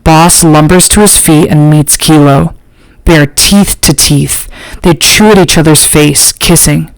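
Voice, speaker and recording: A woman reads an audiobook in a measured, literary way. She takes it very slowly, letting each phrase land. The recording is close and dry, with no room sound. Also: deep voice, fairly even intonation, no room sound, rough recording. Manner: slow, measured, literary reading. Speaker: audiobook narrator. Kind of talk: scripted narration.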